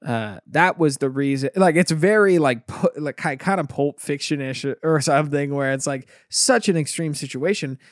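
A man's voice: a little high, normal speed, hardly any pauses, no echo, clean studio sound. A man in casual chat, telling stories animatedly and acting out the quotes. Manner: animated storyteller, acts out quotes.

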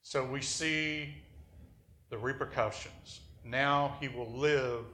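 Slow, earnest male preacher in an echoey room. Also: medium pitch, steady tone, sharp tone. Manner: earnest, deliberate, reflective. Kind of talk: sermon.

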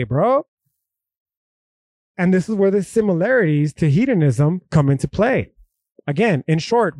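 A young man with a high voice holds forth on a podcast, swearing freely and leaning on slang as he argues his points. His voice sits close and dry on the mic, with no room sound around it. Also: a little mellow, dry recording. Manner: profane, slangy, emphatic. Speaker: podcast host. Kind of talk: casual philosophy podcast monologue.

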